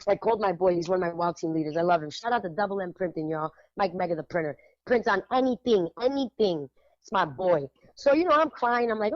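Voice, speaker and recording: Lively woman co-host, emphatic, laughing, slips into Spanish; dry and dull lo-fi sound. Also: mid-range voice, fast, dry recording. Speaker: art show curator and radio co-host. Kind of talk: casual radio chat.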